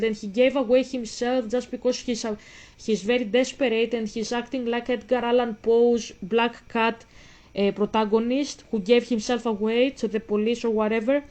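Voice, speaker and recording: A woman's voice: on the high side, steady tone, moderate pace, a little mellow. Blunt, swearing woman gaming vlogger. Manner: blunt, ranting, swears freely. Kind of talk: casual commentary while playing a game.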